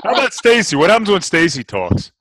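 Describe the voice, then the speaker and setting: A man's voice: sits high, wildly swooping pitch, brisk, fairly bright tone, a little hiss or hum, poor audio. A man co-hosting a podcast in casual chat, joking and bantering playfully with his guests. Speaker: podcast co-host.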